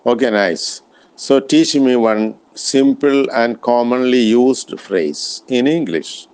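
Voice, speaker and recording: A man practicing spoken English with an AI, speaking carefully and politely with frequent pauses and restarts. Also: mid-range voice, a little mellow, clean tone. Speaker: English learner.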